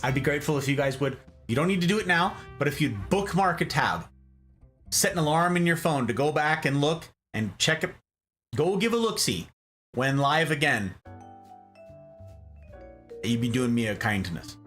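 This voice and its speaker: A man's voice: on the high side, lively intonation, moderate pace, pauses often, a bit bright, soft background music. A man hosting a live stream in casual chat, reading out viewers' messages and answering them.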